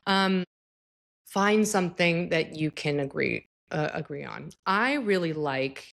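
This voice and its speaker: Lower-pitched woman explaining casually. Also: animated, unhurried, gravelly. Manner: informal, addresses the listener directly with frequent tag questions. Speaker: psychologist. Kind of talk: casual explanatory talk to camera.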